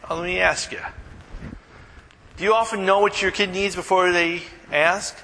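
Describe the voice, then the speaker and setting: A man preaching a casual, conversational sermon, animated and joking with the congregation. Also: a little high, fairly quick, long reverb tail, slight background noise, low-quality recording. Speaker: pastor.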